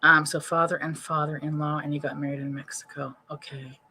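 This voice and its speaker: A woman's voice: deep voice, level tone, a little fast, sharp tone, a little hiss or hum. Chatty woman giving a psychic reading. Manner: rambling, chatty, thinks aloud with many restarts. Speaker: psychic medium. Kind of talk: live-streamed mediumship reading. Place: home, streaming live. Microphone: webcam or computer mic.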